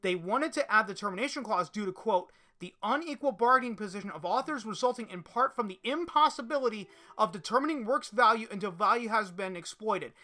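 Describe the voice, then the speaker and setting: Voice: medium pitch, expressive, a little fast, few pauses, pushed and bright. A podcast host delivering an opinion monologue and reading articles aloud, often restarting and repeating words.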